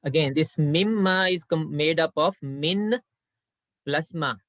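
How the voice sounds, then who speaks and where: A man teaching an Arabic grammar lesson patiently, repeating his points and reciting verses quickly. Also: on the high side, fairly bright tone, dry recording.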